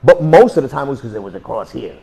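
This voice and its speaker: A man's voice: mid-range voice, animated, fast, gravelly, crowd noise. A man teaching a self-defense class, blunt and joking, who swears casually and makes sound effects while he demonstrates moves. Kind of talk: hands-on class instruction.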